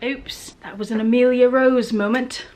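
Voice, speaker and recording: A woman's voice: a little high, fairly even intonation, normal speed, noisy background. A woman vlogging casually at home, chatting to the camera and cooing at her pets in a sing-song voice. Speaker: lifestyle vlogger. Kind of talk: casual home vlog chat.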